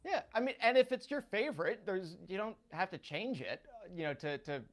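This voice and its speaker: A man from South Florida, a guest analyst chatting casually on a radio show, telling animated stories. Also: high voice, fairly quick. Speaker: sports betting analyst guest. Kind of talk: casual chat.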